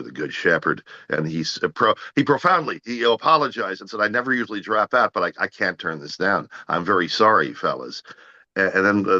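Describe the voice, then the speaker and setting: A middle-aged man with a low but bright, forceful voice, recounting stories as an interview guest. He stammers and restarts often and acts out what others said. The audio is muffled and lo-fi. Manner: animated anecdotes, acts out others' lines, frequent stammered restarts. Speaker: actor guest. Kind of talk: casual interview storytelling.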